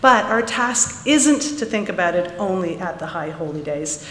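A woman tells a story to a congregation, voicing the characters with lively energy. Her voice rings out through a large sanctuary with a long, hollow echo, and a faint hum sits underneath. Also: on the low side, normal speed. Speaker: storyteller at a synagogue service. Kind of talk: reading a children's story aloud, then teaching. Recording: echoey hall, from a room mic.

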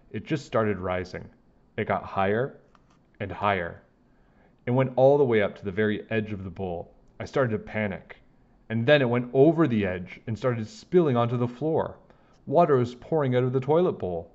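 Lively low-voiced man reading a storybook. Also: dull audio. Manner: animated, expressive storytelling. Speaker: storybook reader. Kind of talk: children's book read-aloud.

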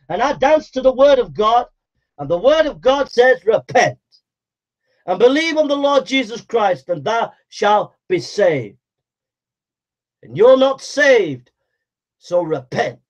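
Man, fiery preacher, high-pitched, repetitive and shouting, muffled lo-fi recording. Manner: forceful, repetitive exhortation with shouted calls to repent. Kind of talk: fiery street-style sermon. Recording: dull lo-fi recording.

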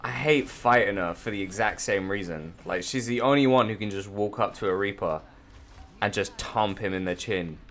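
Freshly awake and with a sore throat, a streamer narrates his game at a moderate pace. His commentary is casual, self-deprecating and full of swearing, jumping from loud bursts to quiet mumbling.

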